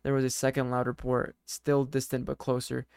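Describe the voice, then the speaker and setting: A man narrating a dark scripted story in a measured, steady reading voice. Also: mid-range voice, creaky, smooth, no echo, studio quality.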